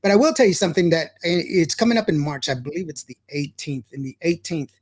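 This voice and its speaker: A man's voice: on the high side, expressive, fast talker. Chatty Texan man hosting a podcast. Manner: reads viewer comments aloud, chatty, laughs easily. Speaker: podcast host. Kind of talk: casual livestream chat.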